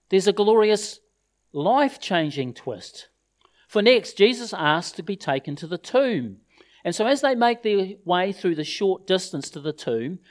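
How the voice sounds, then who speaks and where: A man giving a funeral sermon, retelling a scripture story in an expressive storytelling manner and quoting its words. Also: a little high. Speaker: preacher.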